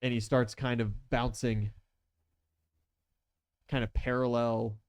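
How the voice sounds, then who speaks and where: A man's voice: mid-range voice, flat delivery, takes it slowly, clean tone, no echo. A man narrating as game master in a tabletop game, casual and chatty with lots of fillers.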